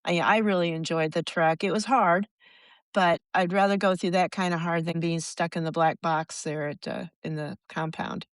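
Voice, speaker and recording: An American woman in her sixties, a podcast guest telling rambling, animated stories and acting out the voices of people she quotes. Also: lowish voice, normal speed, no room sound. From United States. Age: 60s. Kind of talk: casual storytelling.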